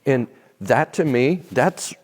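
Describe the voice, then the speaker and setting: Animated male storyteller with long reverb. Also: unhurried. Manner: animated storyteller, voice drops soft and low at tender moments. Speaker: minister, interview guest. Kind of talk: storytelling testimony.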